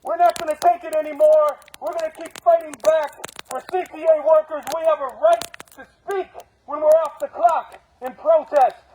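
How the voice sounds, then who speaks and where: High-voiced angry union steward man. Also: fairly even intonation, warm tone, poor audio. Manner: angry, profane, rapid rhetorical questions. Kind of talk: protest speech. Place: outdoors at a street protest.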